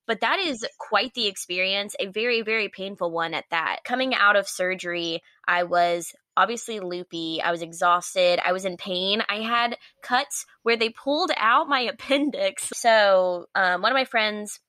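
A young woman in her twenties co-hosting a podcast, telling a story in a casual, animated and exasperated way, often laughing. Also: medium pitch, normal speed, hardly any pauses, no room sound. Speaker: podcast co-host.

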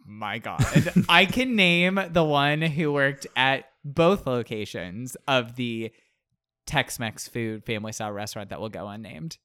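A man chimes in on a podcast with amused asides. His voice is smooth and clear, recorded dry and close. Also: mid-range voice, animated, a little slow, pushed and bright, dry recording. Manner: amused, brief reactions. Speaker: podcast co-host. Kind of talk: casual chat.

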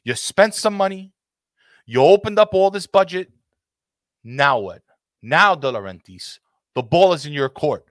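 Ranting man, high voice, dry sound. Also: expressive, unhurried, pauses often, fairly bright tone, dry recording. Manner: passionate, ranting, swears freely. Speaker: podcast host. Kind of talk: heated casual football talk.

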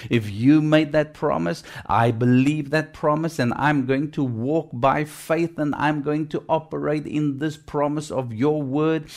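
A man preaching a sermon with emphasis, repeating phrases and calling on the congregation for an amen. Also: on the high side. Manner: emphatic, call-and-response, repetitive.

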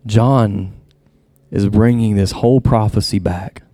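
A pastor delivers a passionate sermon at normal speed, reading scripture aloud and repeating words as he searches for what to say. When emotion takes him, his voice goes high and loud. No room sound is audible.

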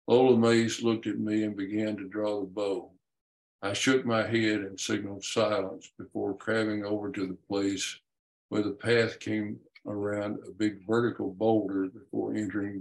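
A man reads his own book aloud, measured and even, in a fairly low voice. His delivery stays flat, with little rise and fall. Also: rough recording. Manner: measured, even reading with small slips. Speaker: author.

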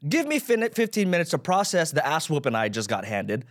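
A very animated man in his thirties talks fairly quickly in a fairly high voice. Hosting his own podcast, he gives a casual solo rant about himself, full of swearing, rambling, and self-deprecation.

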